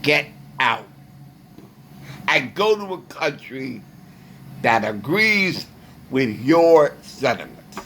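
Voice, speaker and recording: A man speaking alone to the camera, ranting in a casual monologue with slow emphasis and long pauses. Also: mid-range voice, very animated, fairly bright tone, slight background noise. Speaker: vlogger.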